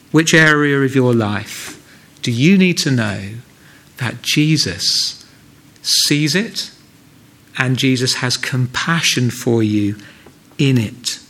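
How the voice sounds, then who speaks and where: Earnest preacher, conversational. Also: male voice, mid-range voice, gravelly, fairly bright tone. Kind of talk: sermon. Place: church.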